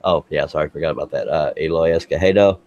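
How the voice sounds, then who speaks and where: Smoking at home, a man from Texas chats casually on a live stream as a guest woodworker, rambling and self-correcting. His voice is extremely low and fast, with a darkish tone and the highs cut off.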